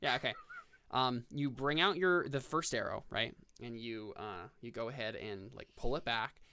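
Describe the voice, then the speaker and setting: A man narrating as game master of a tabletop game over a video call, in easygoing, halting narration. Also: mid-range voice, sharp tone, clean tone, no echo.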